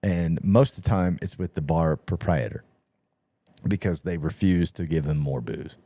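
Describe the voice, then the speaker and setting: A man's voice: deep voice, moderate pace, mellow, no room sound. A man hosting a podcast in casual chat, telling stories with lots of swearing and acting out both sides of each exchange. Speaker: podcast host.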